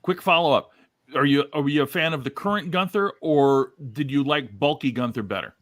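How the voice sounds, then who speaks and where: A man co-hosting a casual stream, asking questions haltingly with plenty of pauses. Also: on the high side, a bit bright, no room sound, studio quality. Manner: halting, many uhs, blunt jokes. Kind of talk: casual podcast chat.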